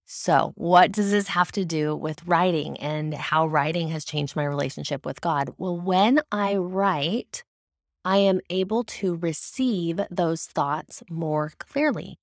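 A woman's voice: fairly low pitch, a little slow, no room sound. Earnest woman, dry close sound. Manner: earnest, explanatory, with occasional restarts. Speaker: devotional speaker. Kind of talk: faith-based teaching talk.

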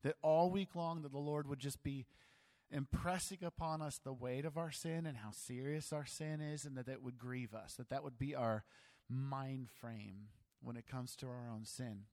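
A man preaching a sermon as pastor, animated, acting out voices and joking about himself. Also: mid-range voice, moderate pace. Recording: long hall reverb.

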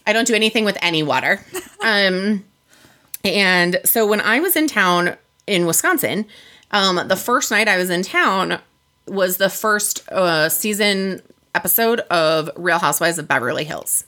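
A woman with a bright, forceful voice talks candidly in a relaxed podcast chat. She tells a long story, swears freely, and keeps the pitch mid-range. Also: measured pace. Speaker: podcast co-host. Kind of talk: casual chat.

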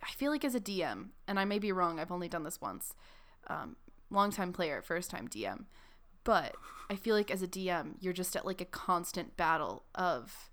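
A woman's voice: lowish voice, lively intonation, normal speed, fairly bright tone. A young woman co-hosting a casual podcast, talking animatedly with lots of filler likes. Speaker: podcast co-host. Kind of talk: casual chat.

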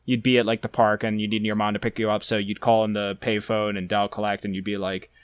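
A man's voice: fairly low pitch, quick pace, clear, resonant tone, no room sound. A young man hosting a podcast, telling rambling stories in casual chat. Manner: rambling storyteller, animated when retelling scenes. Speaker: podcast host.

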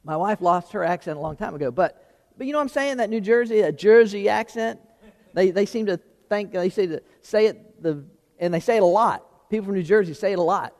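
High-voiced pastor in a reverberant church. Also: male voice, fairly quick, darkish tone. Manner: chatty, asks the congregation questions, repeats words while finding them. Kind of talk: conversational sermon.

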